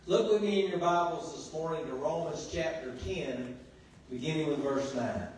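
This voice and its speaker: Pastor preaching in a very echoey hall. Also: male voice, fairly high pitch, normal speed, recorded from a distance, slight background noise. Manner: preaching with call-and-response, swinging between quiet and loud passages. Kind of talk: sermon. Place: church sanctuary. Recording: very echoey church hall, voice from afar.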